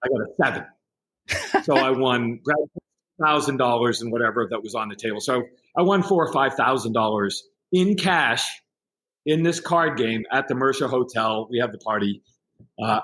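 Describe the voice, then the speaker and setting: A middle-aged man, a podcast guest, telling a story in casual conversation and acting out the other people in it. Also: medium pitch. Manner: animated anecdote-telling with quoted voices.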